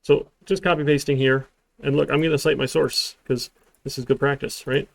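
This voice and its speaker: A man's voice: mid-range voice, fairly even intonation, moderate pace, gravelly, no room sound. A man teaching a programming class in a live-streamed lecture, talking in a rambling way with dry, sarcastic asides. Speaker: programming instructor.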